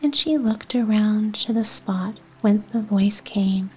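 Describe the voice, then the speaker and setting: Whispered role-play: a woman bedtime storyteller, breathy hush, very slow, faint music under. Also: mid-range voice, rough recording. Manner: soft unvoiced whisper. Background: soft music.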